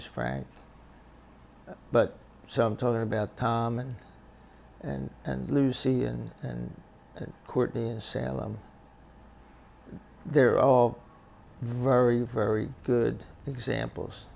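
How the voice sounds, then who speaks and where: An older man and grandfather giving life advice in a casual, reflective monologue, talking haltingly and often repeating his words. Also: medium pitch, gravelly, darkish tone.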